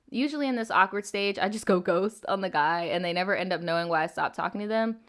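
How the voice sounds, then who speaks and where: A young woman hosts a storytime show, reading a viewer's letter aloud. She stops often to give blunt, profane opinions and laughs easily. Her voice sits at a middle pitch for a woman. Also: a bit bright. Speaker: storytime channel host.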